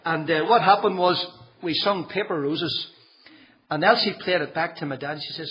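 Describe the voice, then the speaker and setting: A man's voice: a little high, normal speed, fairly bright tone, slight background noise, rough recording. A middle-aged man giving a humorous church testimony, telling a family story and acting out the quotes.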